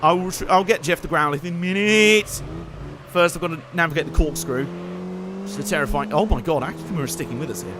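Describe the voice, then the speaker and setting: A man giving joking, excitable live commentary while playing a racing game and chatting to his viewers. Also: sits high, fairly quick, gravelly. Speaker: streamer. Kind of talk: live let's-play commentary. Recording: game car noise underneath.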